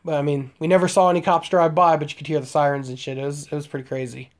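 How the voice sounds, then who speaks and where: A man's voice: a little high, level tone, fast talker. Late 20s guy on a stream, swearing a ton, rambling through stories with lots of uhs. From Omaha, Nebraska, United States. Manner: rambling, profane storytelling with frequent fillers and laughs. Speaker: streamer chatting with viewers. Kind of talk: casual live-stream chat.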